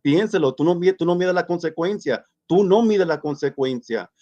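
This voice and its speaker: A man rants at a streamer, angry and stammering, repeating words as he goes. His voice sits a little high. The call audio is muffled and lo-fi. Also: fairly quick, mellow. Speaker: guest caller. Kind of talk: heated rant to a streamer.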